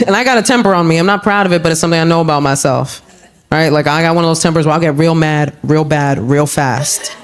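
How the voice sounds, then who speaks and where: A woman comedian performing a stand-up set on a club stage, animated and jumping into exaggerated voices for the people she quotes. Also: fast, a faint crowd. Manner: animated, acts out quoted voices with big pitch jumps. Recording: live club recording, audience laughter and room noise. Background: audience laughter.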